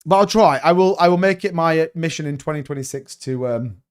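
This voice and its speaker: A young man hosting a crypto live stream, talking fast and excitedly in a rambling, casual way while reading viewer comments. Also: on the high side, clear, resonant tone.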